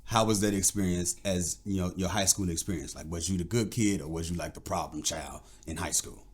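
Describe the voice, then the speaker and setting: Super deep-voiced guy hosting a podcast, laid back, just chatting questions out. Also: fairly quick. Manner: relaxed, conversational questions with short backchannels. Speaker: podcast host. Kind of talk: casual interview.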